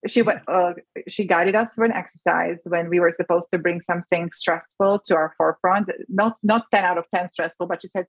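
A woman's voice: lowish voice, fairly even intonation, a little fast, few pauses, breathy edge, dry recording, low-quality recording. A woman physician, a podcast guest, talking earnestly and with emotion, often restarting her sentences. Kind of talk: podcast interview.

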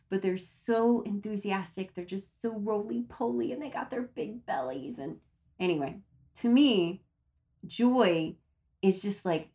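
Chatty woman giving casual advice. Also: mid-range voice. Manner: chatty, repeats words for emphasis. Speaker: self-help speaker.

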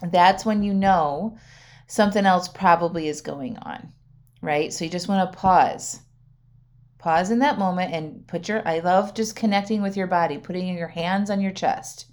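Middle-aged woman coach chatting on her podcast, lowish voice, lots of "like" and "right?". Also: normal speed, darkish tone. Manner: chatty, says "right?" and "like" a lot, laughs often. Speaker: podcast host and wellness coach. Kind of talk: casual solo podcast talk.

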